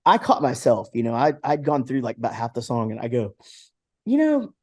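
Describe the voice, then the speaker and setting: A middle-aged man from Texas in a relaxed interview, rambling along with lots of fillers. His voice is mellow and warm in tone, sitting at an ordinary pitch. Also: quick pace, husky. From Texas, USA. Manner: rambling, many fillers and restarts. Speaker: guest musician. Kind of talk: casual interview chat.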